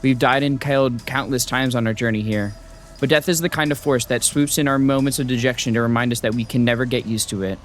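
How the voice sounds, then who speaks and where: Dude streamer reading a game story out loud, mid-pitched, gets hyped and cusses a lot, faint game music behind. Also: male voice, fast talker. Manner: excitable, swears freely, hype outbursts. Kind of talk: reading a game story aloud with live reactions. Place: home streaming setup.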